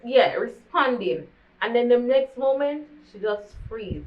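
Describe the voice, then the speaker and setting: A woman's voice: a little high, expressive, unhurried. A young woman with a Jamaican accent telling a candid storytime vlog, slipping into patois as she talks. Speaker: vlogger. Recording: dull lo-fi recording.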